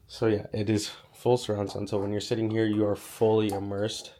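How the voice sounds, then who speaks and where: A young man, hoarse from being sick, chatting casually as he gives a room tour. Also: lowish voice, flat delivery, fairly quick, few pauses, dark tone. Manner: chatty, lots of "like" and "so". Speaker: YouTuber giving a room tour. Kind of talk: casual vlog walkthrough.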